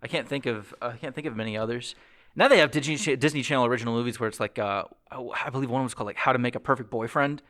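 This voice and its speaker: A young podcast host tells stories in casual chat with animated energy and a racing pace. His voice is mid-pitched and ordinary, jumping up high when he acts out what someone said.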